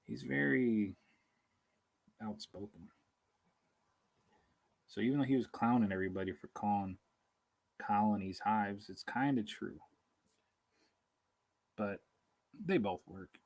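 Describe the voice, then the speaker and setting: A man's voice: lowish voice, takes it slowly, creaky, long pauses, low-quality recording. A man hosting a live stream outdoors, chatting in a rambling, casual way, hungry and tired, chuckling as he reads comments aloud. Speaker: beekeeping livestream host.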